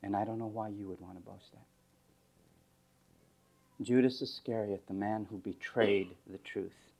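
A male pastor preaching a sermon in a sarcastic, mocking storytelling manner, swinging from loud outbursts to low asides. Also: steady tone, a little slow, vocal fry.

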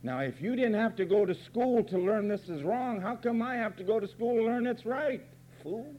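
A man's voice: sits high, moderate pace, lo-fi sound, slight background noise. A man preaching a fiery, sarcastic sermon from the pulpit, emphatic and blunt. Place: church pulpit.

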